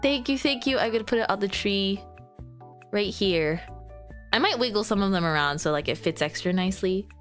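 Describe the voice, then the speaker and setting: A woman's voice: medium pitch, expressive, fairly quick, fairly bright tone. A woman streaming from home, chatting casually to her viewers in a bubbly, giggly way that rambles from one thing to the next. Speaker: VTuber streamer. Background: faint background music.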